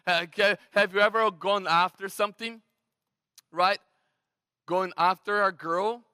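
Brazilian-accented male pastor, high, crisp voice, chatty animated sermon, long hall reverb. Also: measured pace. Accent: Brazilian Portuguese. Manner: conversational, animated preaching with frequent restarts.

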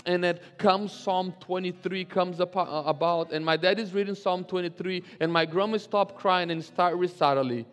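A man preaching a sermon, telling a personal story and reading scripture with slow, emphatic delivery. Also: sits high, fairly even intonation, a bit bright. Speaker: pastor. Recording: reverberant hall with faint music.

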